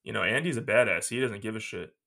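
A man's voice: fairly low pitch, sing-song, normal speed, creaky, bright, forceful tone. Laughing man recapping a movie. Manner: laughs often while retelling scenes. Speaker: podcast co-host. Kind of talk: casual film recap chat.

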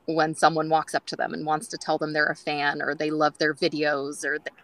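Woman, chatty storyteller, lots of fillers, bright forceful tone, dry close sound. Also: deep voice, monotone, brisk, dry recording, rough recording. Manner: chatty, many "like" fillers, acts out quoted dialogue. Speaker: guest groomer. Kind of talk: casual storytelling interview.

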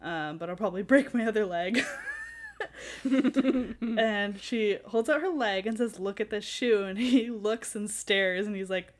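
A woman's voice: medium pitch, a little slow. A woman in casual podcast chat, recapping a book with lots of laughter and acted-out quotes. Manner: animated, laughing often, acts out quotes. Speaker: podcast co-host.

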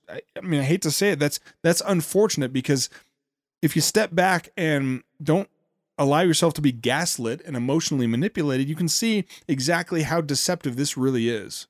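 A man's voice: on the high side, no room sound, clean studio sound. A man hosting a show, giving an indignant, sarcastic running commentary on a speech clip. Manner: indignant, sarcastic, repeats words when heated. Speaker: podcast host.

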